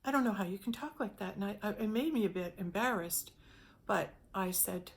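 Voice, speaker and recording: Woman, middle-aged, earnest, halting, personal storytelling. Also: mid-range voice. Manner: earnest, halting, repeats words, acts out quoted voices. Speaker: spiritual teacher sharing a testimony.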